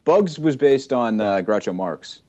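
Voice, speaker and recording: Brief: a man with an animated voice, quick wisecracks and doubt in casual conversation. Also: mid-range voice. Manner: joking, skeptical interjections. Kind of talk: casual chat.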